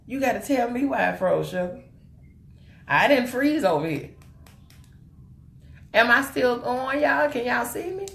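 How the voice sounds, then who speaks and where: Animated woman hosting a makeup live stream. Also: a little high, unhurried, gravelly, pauses often. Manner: animated and chatty, greets viewers with terms of endearment. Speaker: host of a live makeup tutorial. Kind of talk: live-stream chat with viewers while demonstrating makeup. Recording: roomy echo with faint music behind.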